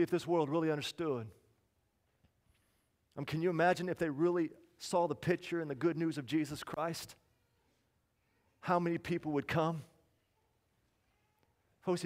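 A man preaching a sermon, swinging between loud appeals and quiet storytelling. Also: fairly high pitch. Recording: long hall reverb.

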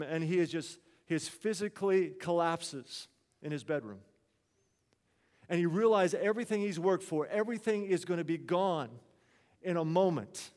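A man's voice: on the high side, a little mellow, long reverb tail. A man preaching a sermon, telling a story in an earnest, conversational way.

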